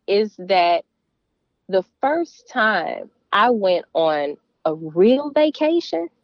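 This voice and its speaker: A woman's voice: mid-range voice, no echo, lo-fi sound. Earnest Southern woman, middle-aged. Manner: earnest, emphatic, warm laughs. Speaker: guest. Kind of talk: casual interview.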